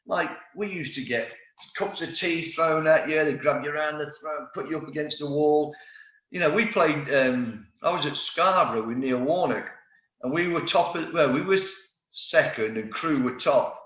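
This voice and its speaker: A man's voice: a little high, moderate pace. A man in his fifties, a former footballer, telling rambling stories with restarts in a casual interview. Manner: lively storyteller, rambling with restarts. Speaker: former footballer, podcast guest. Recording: roomy, slightly dull recording.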